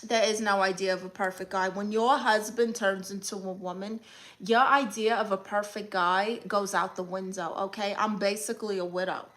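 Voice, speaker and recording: A woman's voice: mid-range voice, fairly even intonation, normal speed, a bit bright. A woman with a Brooklyn accent, hosting a live stream and answering chat comments one by one with sassy, blunt comebacks. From Brooklyn, New York.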